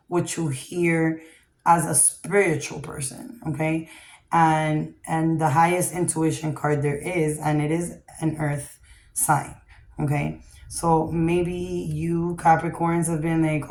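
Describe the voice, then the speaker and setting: A woman's voice: low-pitched, a little mellow. Blunt, cussing woman tarot reader. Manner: blunt, profane, keeps asking "okay?". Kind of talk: casual tarot reading. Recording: echoey room.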